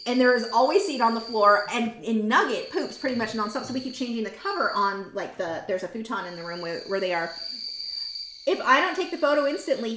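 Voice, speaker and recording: A woman hosts an art livestream from her home studio, drawing while she chats and rambles, reading viewer comments aloud. Her voice is fairly high and a bit bright. The room is echoey, and there's a little hiss or hum in the recording.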